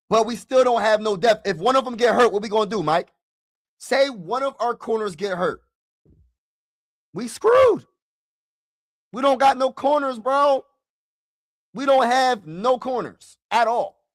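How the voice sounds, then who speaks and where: A man with a fairly high voice hosts a casual sports live stream and talks through a mock draft with his viewers. He repeats himself, calls them "bro" and "y'all", and swings from loud frustration to low mutters. The sound is dry and close to the mic. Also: expressive, normal speed, no room sound.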